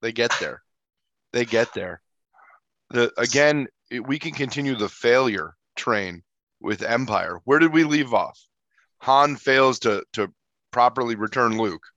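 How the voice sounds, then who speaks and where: A man with a bright, mid-pitched voice argues his case with dry sarcasm in a casual podcast chat. The sound is close and dead, with no room around it. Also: expressive, a little slow, dry recording, dull audio. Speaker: podcast co-host.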